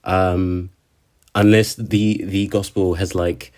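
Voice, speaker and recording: A man's voice: low voice, level tone, slow pace, a little mellow. A man giving a casual, rambling recap of an anime episode, chatty and full of slang and restarts. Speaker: anime reviewer.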